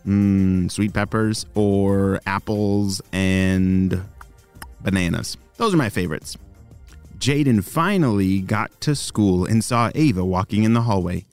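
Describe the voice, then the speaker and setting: A man's voice: fairly low pitch, slow, darkish tone, clean tone, soft background music. A man hosting a children's podcast, narrating a story in a chatty way and talking directly to young listeners. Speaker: storyteller and host of kids' podcast.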